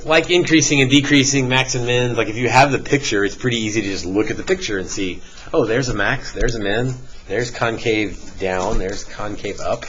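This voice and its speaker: A middle-aged man teaching a calculus lesson in a classroom, explaining step by step with relaxed joking asides to students. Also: mid-range voice, normal speed. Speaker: math teacher. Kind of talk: classroom lecture. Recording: dull lo-fi classroom recording with faint hiss.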